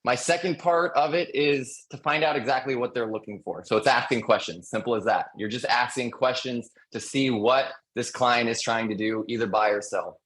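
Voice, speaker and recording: Man, real estate agent, webinar panel, energetic coaching tone, repeats points, mid pitch. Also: moderate pace, few pauses, rough recording.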